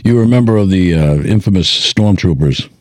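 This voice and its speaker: Male host, deep and mellow, dry close sound, explanatory. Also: animated, fairly quick, dry recording. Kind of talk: casual chat.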